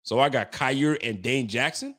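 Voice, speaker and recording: A man's voice: medium pitch, moderate pace, a bit bright. A young man hosting a sports podcast, giving a frustrated, slangy postgame rant that keeps repeating its points.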